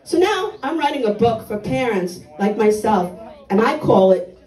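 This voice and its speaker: An older woman doing a stand-up comedy set on a club stage, delivering blunt, dark one-liners with punchy timing. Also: fairly high pitch, very animated, moderate pace, reverberant, distant mic, soft background music, some chatter behind, poor audio.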